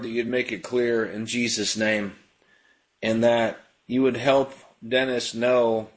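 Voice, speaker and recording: A man hosting a live call-in prayer show on the radio. He prays and chats in an easygoing, unpolished way, with frequent fillers and restarts. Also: mid-range voice. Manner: prays and preaches in a relaxed, conversational way with frequent fillers. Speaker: radio ministry host.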